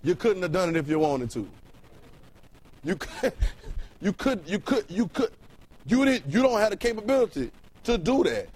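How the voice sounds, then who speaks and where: A man's voice: high-pitched, very animated, moderate pace, long pauses, a little mellow, slightly rough, poor audio. A man preaching in an everyday, conversational register, with a voice that sits slightly above the usual male range. He circles back over his own words as he builds each point and keeps tossing questions out to the room. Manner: colloquial, fires rhetorical questions at the room. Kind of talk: sermon with Bible reading.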